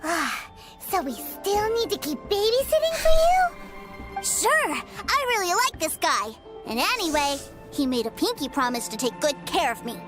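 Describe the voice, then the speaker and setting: A woman's voice: very high voice, very animated, moderate pace. A woman voicing a cheerful, spoiled little boy in a video game who asks eager questions. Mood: playful. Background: faint game music.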